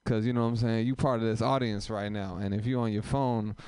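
A man's voice: on the low side, fairly even intonation, brisk, a little mellow, smooth, no room sound, clean studio sound, faint music behind. A man hosting a comedy open mic who riffs on the audience in a profane, rambling, teasing way in a small live room. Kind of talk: live crowd work banter.

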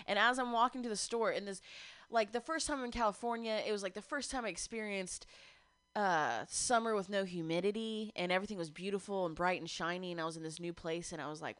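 A woman's voice: mid-range voice, fast talker, fairly bright tone, clean tone, dry recording. A woman telling a long, rambling story on a radio show, laughing often as she goes. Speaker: radio guest. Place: radio studio.

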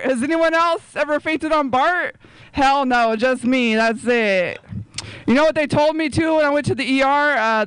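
A woman's voice: sits high, a bit bright, no room sound, poor audio. A woman doing a stand-up comedy set, chatty, laughing often and talking straight to the crowd.

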